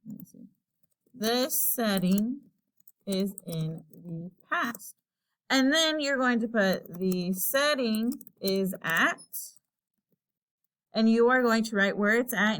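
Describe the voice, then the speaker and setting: A woman teacher giving a recorded lesson, explaining slowly and patiently and thinking aloud while she types. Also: mid-range voice, a bit bright.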